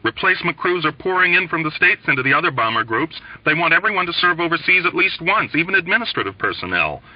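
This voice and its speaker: A man voicing a rough, quavering young airman, loud and overwrought, in a novel read aloud. His voice leaps high and swings widely as he fails to keep it low. The recording is dry and a bit dull. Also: very animated, quick pace, no echo. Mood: agitated. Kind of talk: audiobook reading.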